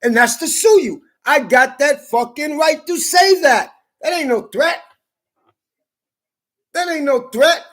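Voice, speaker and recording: High-pitched man ranting with profanity. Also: slow pace, pauses often. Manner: heated, swearing, rising into shouts.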